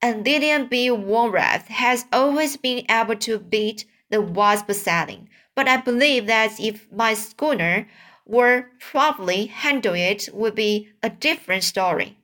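A woman's voice: fairly high pitch, a little slow, fairly bright tone. A woman voicing a grown man, a proud and fussy boat owner who grumbles and then turns hearty, in a storybook reading. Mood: grumbling.

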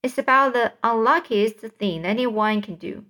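A woman's voice: fairly high pitch, moderate pace, sharp tone. A woman voicing a cheeky, boastful male centipede who proudly calls himself a pest, in a storybook reading. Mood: gleeful. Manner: gleeful, boastful.

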